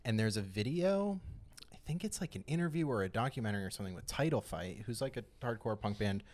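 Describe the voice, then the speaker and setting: A man's voice: on the low side, animated, fast talker, a little mellow. A young man co-hosting a podcast who talks in a laid-back way, trailing off and filling gaps with "like" and "um.". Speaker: podcast co-host, drummer. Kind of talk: casual chat.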